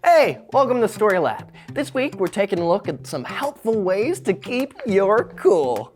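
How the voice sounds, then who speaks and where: A woman co-hosting a children's church show in a scripted skit, excitable and quick to get frustrated. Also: medium pitch, faint music behind. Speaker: kids' show co-host.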